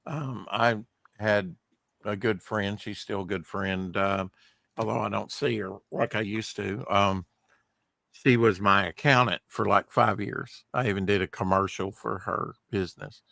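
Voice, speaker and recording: A man telling a casual anecdote, hesitant and pausing on many fillers. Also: on the low side, fairly even intonation, gravelly, fairly bright tone, no room sound.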